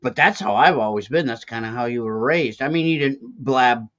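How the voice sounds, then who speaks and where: An American man chatting casually on a panel, folksy and halting. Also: mid-range voice, animated, fairly bright tone. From USA. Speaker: podcast panelist. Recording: dull lo-fi mic.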